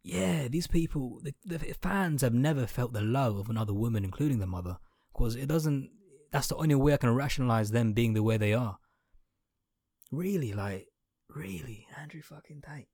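A man's voice: medium pitch, a little fast, creaky, darkish tone, dry recording, studio quality. A young man, ranting sarcastically on his podcast from his room, swearing freely and trailing off into mumbled asides. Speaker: podcast host. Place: home room.

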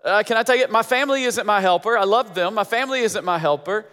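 Male pastor, high voice, emphatic repetitive sermon delivery, hall reverb. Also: fast, sharp tone. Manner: emphatic, repeating phrases for effect.

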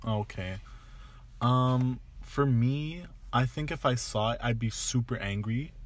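A man's voice: mid-range voice, slow pace. A man from Toronto, co-hosting a casual chat, blunt and emphatic, swearing freely and getting heated. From Toronto, Canada. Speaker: podcast co-host.

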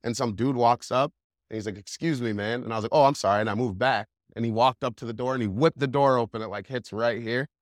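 Young man, podcast guest, mid-pitch, dry close studio sound, loose rambling storyteller. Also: fast, dry recording. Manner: animated, heavy use of "like", laughs while telling. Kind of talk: casual storytelling.

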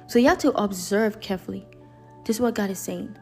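Earnest woman preaching over soft music. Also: on the high side, fairly quick. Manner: earnest, repetitive, emphatic preaching with many restarts. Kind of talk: sermon.

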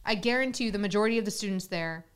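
A woman from Oklahoma speaks at a middling pitch as a podcast guest. She talks earnestly and eagerly, with quick little laughs between her points. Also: clear, resonant tone. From Oklahoma, USA. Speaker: podcast guest, political commentator. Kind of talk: casual chat.

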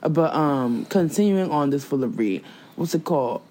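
A young woman co-hosting a casual chat, animated and slangy, laughing often. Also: sits low, moderate pace.

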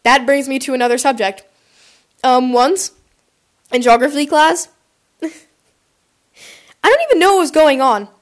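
A woman's voice: high-pitched, animated, a little slow, long pauses. A woman podcast host chatting casually and reacting to listener confessions, rambling and acting out quotes in silly voices, on a poor quality mic.

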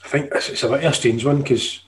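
A man's voice: mid-range voice, steady tone, quick pace, slight background noise. A young man, chatting casually and swearing now and then on a podcast. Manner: laid-back, swears casually. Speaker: podcast co-host. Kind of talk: casual chat.

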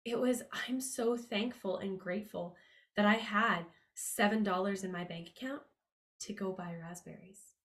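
A woman's voice: mid-range voice, a little slow, a bit bright. Upbeat chatty woman podcast host. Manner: upbeat, chatty, with many fillers and asides. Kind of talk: casual motivational talk.

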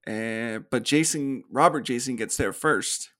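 A man's voice: medium pitch, measured pace, fairly bright tone. A man co-hosting a podcast, recapping a movie's plot in casual chat, acting out the characters' lines and laughing often. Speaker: podcast co-host. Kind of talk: casual film review chat.

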